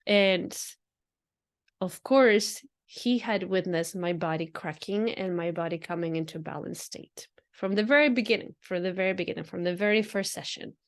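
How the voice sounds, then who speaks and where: A woman's voice: lowish voice, moderate pace. Earnest woman musing on spirituality. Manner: earnest, repeats phrases, laughs often. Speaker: podcast host. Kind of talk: reflective spiritual monologue.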